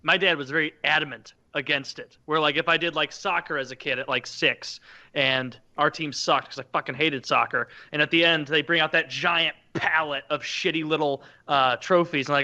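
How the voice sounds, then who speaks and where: A man's voice: fairly high pitch, fairly even intonation, moderate pace, pushed and bright, highs cut off. A man on a podcast, telling a story in casual, profane chat with many fillers. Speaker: podcast co-host.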